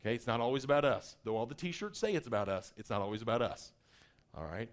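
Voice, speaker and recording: A middle-aged man presents a workshop seminar with lots of energy, acting out personality types in quick little voices. His voice sits at a medium pitch.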